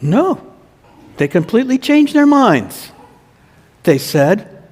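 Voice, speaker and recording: A male pastor gives a children's sermon, taking his time over each phrase and stopping to ask the kids questions. His voice sits a little high for a man. The sound rings out with the long reverb of a church. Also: sing-song, darkish tone, breathy edge. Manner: slow, storytelling, asks children questions.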